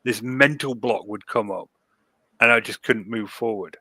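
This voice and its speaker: Man podcast co-host, easygoing rambling chat, low forceful voice. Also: unhurried, no echo. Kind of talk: casual chat.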